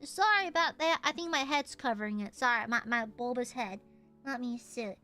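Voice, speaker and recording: A woman's voice: on the high side, moderate pace, pushed and bright, soft background music. A young woman streamer chatting casually with her viewers, playful and chatty, often breaking into giggles and squeals. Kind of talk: casual chat with a live stream chat.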